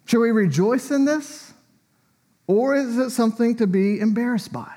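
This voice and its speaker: A man's voice: very high voice, normal speed, mellow. A man preaching a sermon in a church, talking in a conversational, reflective way with small asides and fillers.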